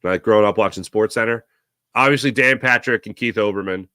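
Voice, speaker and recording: A man's voice: lowish voice, fairly quick, clean tone, dry recording, studio quality. A man hosting a sports talk show, chatting casually and rambling with jokes while he answers viewer comments. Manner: animated, rambling, jokey.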